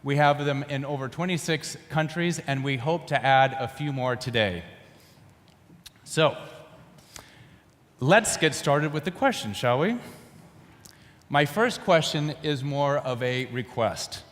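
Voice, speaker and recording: A man voicing a talking software platform that introduces itself in a formal, salesy tone. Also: animated, takes it slowly, long pauses. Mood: promotional. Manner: formal, announcer-like sales pitch. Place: conference stage in a large hall. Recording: long reverb of a large hall.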